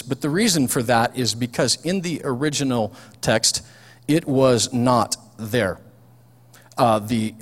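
Man, pastor, folksy sermon, fairly high voice, long church reverb. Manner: folksy, chatty preaching with frequent ums and restarts. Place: church hall.

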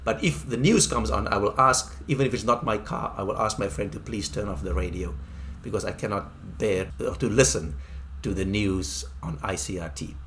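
A man's voice: lowish voice, moderate pace, fairly bright tone, slight background noise. A middle-aged man from Africa, hosting a podcast and telling a personal story in a wry, self-deprecating way. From South Africa. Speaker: podcast host. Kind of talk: casual storytelling monologue.

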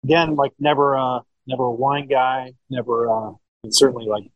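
A man's voice: mid-range voice, fairly even intonation, moderate pace, no room sound, highs cut off. A man in his thirties from Ohio, a sommelier talking in a loose, rambling way in a podcast interview, often swearing and repeating words. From Cincinnati, Ohio. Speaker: sommelier and wine shop owner.

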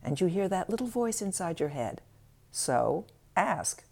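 A woman self-help speaker giving a scripted inspirational talk with expressive, wry storytelling. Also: on the low side, unhurried, gravelly.

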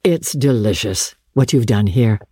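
A woman doing a stiff, pompous young gentleman. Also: a bass voice, expressive, breathy edge, dry recording, clean studio sound, voice pushed down, heavily acted. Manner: measured and dignified.

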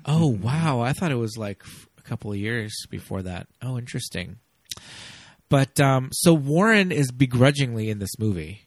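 Animated chatty male podcast co-host. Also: medium pitch, normal speed, dry recording. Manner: chatty, hedging with fillers and frequent laughs. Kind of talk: casual chat.

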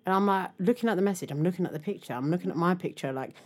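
A young woman chats on her podcast, voice sitting low. She gets animated and laughs as she acts out what people said. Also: rapid-fire, husky. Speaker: podcast co-host. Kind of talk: casual chat.

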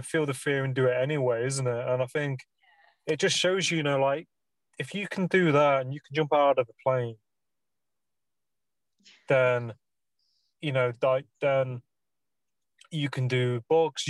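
A man's voice: a little high, no room sound. A man hosting a podcast, talking in a loose, rambling way with many fillers. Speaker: podcast host. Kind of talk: casual interview chat.

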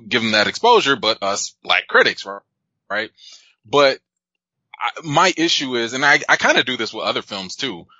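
A man with a bright, forward voice leads a casual critics' panel, summing up his guests' points and teasing them. The sound is close and dry, with a slightly dull, lo-fi quality. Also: medium pitch, no echo. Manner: relaxed, joking, summarizing. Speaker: panel host, film critic.

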